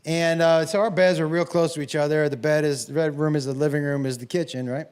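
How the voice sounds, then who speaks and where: A man doing a stand-up comedy set on a club stage, telling stories loudly and profanely, with bursts of shouting. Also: a little high, little pitch movement, a little fast. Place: comedy club stage before a laughing audience. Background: audience laughter and room ambience.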